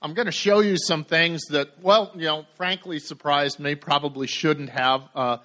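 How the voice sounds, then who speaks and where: Middle-aged man presenting to a room, slightly higher voice, hesitant with lots of ums, dry wit. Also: fairly even intonation, fairly bright tone. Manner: halting, many fillers, dry humor. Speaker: conference speaker. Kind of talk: technical presentation.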